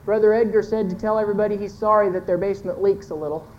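A woman's voice: mid-range voice, fairly even intonation, rapid-fire, a little mellow, dull audio, a little hiss or hum. A woman giving a folksy, earnest sermon-style talk to a church congregation, pointing to a chart and correcting herself as she goes. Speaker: church speaker teaching with a chart.

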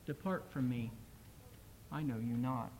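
A grave, sorrowful Jesus speaks in a hushed, measured way, as a male preacher puts him on during a sermon. The voice is gentle but final, sitting slightly higher than most men. It is a dramatic poem recited from the pulpit. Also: poor audio.

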